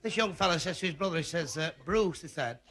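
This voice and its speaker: A man with a Mancunian accent telling stand-up jokes, brisk and deadpan on the punchlines. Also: fairly high pitch, noisy background. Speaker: stand-up comedian. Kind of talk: stand-up comedy.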